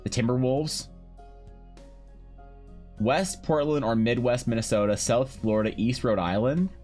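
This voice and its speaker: A man's voice: mid-range voice, a little slow, a little mellow, faint music behind. A man streaming while painting, trading crude joking banter with his chat. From Canada. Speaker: art streamer. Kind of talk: casual livestream chat.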